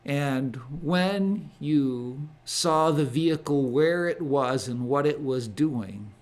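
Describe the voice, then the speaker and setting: Slow, deliberate man with emphatic phrasing. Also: on the high side. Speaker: ministry host giving a monologue. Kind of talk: solo spoken commentary monologue.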